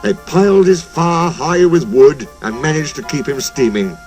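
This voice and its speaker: A man voicing a small, eager young male steam engine who cries out in high, fretful bursts and pants with effort. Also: unhurried, darkish tone, faint music behind. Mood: straining.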